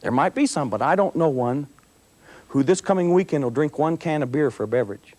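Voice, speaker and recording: A man with a notably high voice tells stories to students at a school assembly. He is a middle-aged police officer who acts out scenes with humor and lively delivery. His talk is motivational and easygoing. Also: fairly quick. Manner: animated storyteller, acting out scenes with humor.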